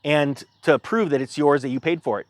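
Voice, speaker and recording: A man's voice: on the high side, a little fast, dry recording. A man telling a rambling, exasperated story in a casual monologue, acting out the dialogue as he goes.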